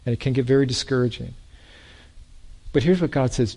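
A man preaching a sermon in a lively way, with joking asides and repeated words. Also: medium pitch, a little fast, pauses often. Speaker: pastor.

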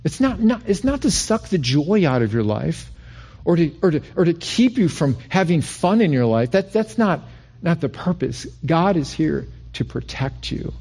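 A middle-aged man delivers a sermon with a slightly husky voice. He talks in a loose, conversational way, stumbling into restarts, then climbing in pitch to press a point home. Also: big pitch swings, moderate pace, dark tone. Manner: conversational preaching with repeated restarts and rising emphasis. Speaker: pastor.

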